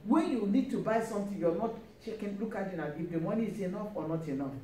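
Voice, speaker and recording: A woman's voice: medium pitch, lively intonation, fast talker, dark tone. A woman preaching a sermon, emphatic and repeating key phrases with frequent calls of praise. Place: church hall. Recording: echoey church, mic at a distance, faint hiss.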